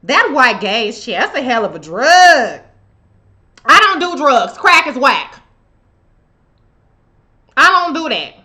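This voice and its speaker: Woman, bright sharp voice, sassy profane commentary, live stream. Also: sits high, big pitch swings, takes it slowly, pauses often. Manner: sassy, emphatic, loose and profane. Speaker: live show host. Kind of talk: profane political commentary monologue.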